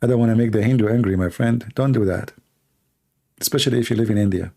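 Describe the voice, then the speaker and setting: Hoarse, gravelly man. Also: on the low side, quick pace, dark tone. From Middle East. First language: Arabic. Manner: blunt, sarcastic, rhetorical questions. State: hoarse, tired voice. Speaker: Christian apologist, host answering questions. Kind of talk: casual live Q&A stream.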